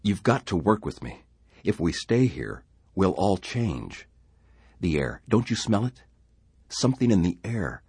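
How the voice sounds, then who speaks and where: A man's voice: low-pitched, big pitch swings, a little slow, a little mellow, breathy edge, no room sound, clean studio sound, voice pushed up, exaggerated voice. A man voicing a frightened settler who talks urgently and pleads with others. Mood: pleading. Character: anxious male settler, frantic and fearful.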